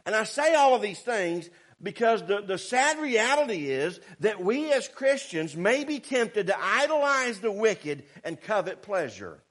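A man preaching a sermon, fervent and swinging between shouted warnings and quiet asides. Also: sits high, very animated, unhurried, few pauses. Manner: fervent, rising to shouts, then quiet and sarcastic.

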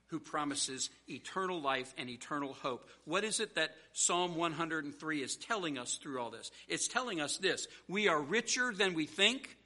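Male pastor, slightly high, very sharp and forceful tone, earnest sermon delivery with call-and-answer emphasis. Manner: conversational storytelling with restarts.

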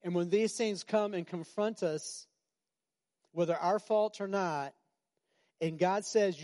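A middle-aged male pastor preaching a sermon in a conversational way, repeating phrases and breaking into sudden shouts. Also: high voice, slow pace, long pauses.

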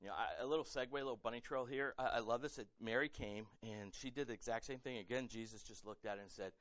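A man's voice: mid-range voice, fast, dry recording, highs cut off. A male pastor preaching a sermon with passion, often repeating and restarting words, emotionally raw. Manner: impassioned, repeats words and restarts, rising to near-shouting.

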